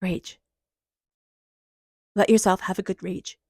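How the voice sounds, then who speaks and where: A woman's voice: mid-range voice, fairly even intonation, takes it slowly, a little mellow, dry recording, clean studio sound. A woman giving an intuitive tarot reading in an emotional, earnest and encouraging way. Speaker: tarot reader.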